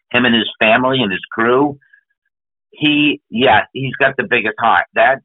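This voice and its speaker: A man's voice: mid-range voice, no room sound. A man from New England, a podcast guest, talking enthusiastically in a storytelling way with lists of topics. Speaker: podcast guest, business speaker. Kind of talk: conversational interview. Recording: phone-like narrow band.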